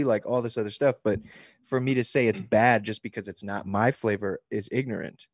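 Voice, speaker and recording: A man's voice: medium pitch, brisk, slightly rough, dry recording. Male author, 30s, casual rambling interview talk; dry, slightly muffled recording. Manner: loose and rambling, many likes and ums, laughs easily. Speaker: author answering fan questions.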